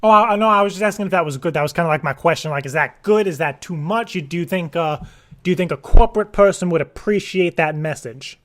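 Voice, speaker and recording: A man's voice: on the high side, fast, a bit bright. A man making a prank phone call, rambling and stammering in a mock-earnest way. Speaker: prank caller.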